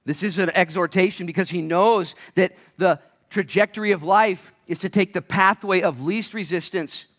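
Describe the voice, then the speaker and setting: A man preaching a sermon as a pastor, acting out little voices, swinging between loud shouts and quiet asides. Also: high-pitched, moderate pace, hardly any pauses.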